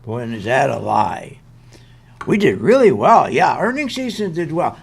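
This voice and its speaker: A man's voice: mid-range voice, very animated, normal speed, gravelly, husky. An older man hosting an investment show, ranting in an exasperated, emphatic way and hammering his points with repetition. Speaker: show host. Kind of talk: animated market commentary rant.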